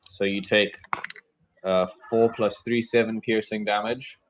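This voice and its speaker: A man with a low voice runs the game, talking through dice rolls and monster attacks at an easy pace. He fills gaps with ums and uhs as he narrates. A faint hiss of noise sits under the recording. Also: a little slow, poor audio. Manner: relaxed, describes combat with fillers. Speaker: game master.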